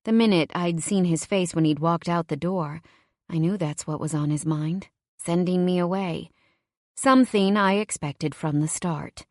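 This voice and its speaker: A woman reads a first-person romance novel aloud, expressive and measured. Her voice is on the low side and sounds dry and close, with no room around it. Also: no room sound. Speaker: audiobook narrator.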